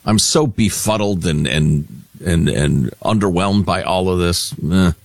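Wry talk radio host, low voice. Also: male voice, measured pace, gravelly, no room sound. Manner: wry, chatty, teasing up coming segments. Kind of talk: casual political talk radio banter. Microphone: studio microphone.

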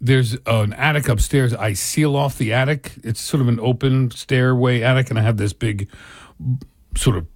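A man's voice: mid-range voice, normal speed, no echo. A man co-hosting a radio talk show, rambling casually with chuckling asides into a studio microphone. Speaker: radio co-host.

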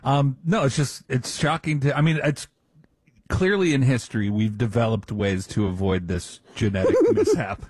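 A man's voice: medium pitch, very animated, normal speed, darkish tone, slightly rough, no echo. A man co-hosting a talk show, joking with wry banter in casual chat.

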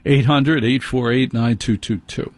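A man's voice: medium pitch, steady tone, a little slow, darkish tone, no room sound. A man hosting a late-night radio call-in show from a studio microphone, telling stories in an exaggerated, self-mocking way.

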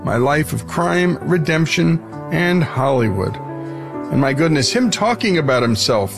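A male radio host delivers a scripted outro in an even, measured broadcast manner. A clear music bed plays beneath his voice. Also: on the high side.

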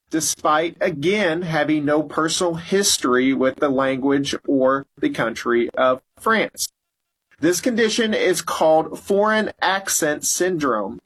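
A husky-voiced man hosts a health talk program, his pitch sitting a little high for a man. He explains a medical topic step by step in a scripted, steady way. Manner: clear explanatory delivery, repeats phone numbers slowly. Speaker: health talk show host.

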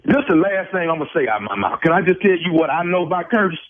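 A man making a prank phone call, talking in a slow drawl with stammering restarts. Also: on the high side, big pitch swings. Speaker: radio prank caller. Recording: tinny phone line.

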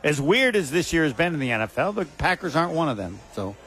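A man's voice: fairly high pitch, very animated, quick pace, a bit bright. A man co-hosting a casual sports talk show, asking questions and making wry asides. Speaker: co-host.

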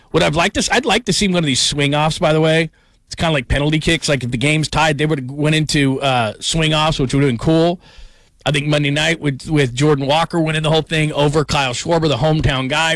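A man's voice: on the high side, fairly bright tone, no echo. A man hosting a sports talk show, explaining his views in an opinionated, conversational way.

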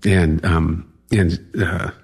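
Deep voiced guy being interviewed, halting, lots of ums. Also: steady tone, gravelly, darkish tone, husky, faint music behind. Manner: hesitant, halting, full of fillers. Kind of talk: casual interview talk.

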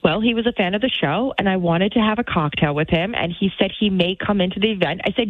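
A woman's voice: medium pitch, fast, few pauses, no room sound. A woman producer chatting casually on air, telling stories about herself with a laugh and a self-mocking tone. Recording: tinny phone-like line.

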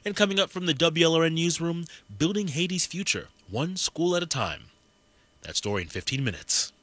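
A man hosting local radio, giving station announcements in an upbeat, crisp way. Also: fairly high pitch, expressive, brisk, sharp tone, no echo.

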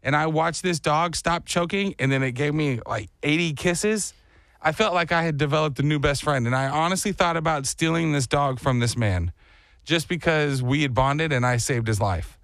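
A man co-hosting a morning show, chatting casually and acting out a story with lively voices and sounds. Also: a little high, moderate pace, no echo, studio quality. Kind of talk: casual chat.

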